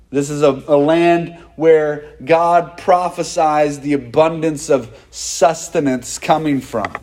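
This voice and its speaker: Slow, emphatic male preacher. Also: a little high, a little mellow. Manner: emphatic, repeats phrases for stress. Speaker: pastor. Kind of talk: sermon.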